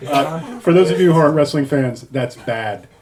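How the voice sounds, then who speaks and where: A man co-hosting a live show, introducing the next segment haltingly. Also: fairly high pitch. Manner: halting, filler-heavy. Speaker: podcast co-host introducing segments. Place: live event before an audience. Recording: audible crowd behind.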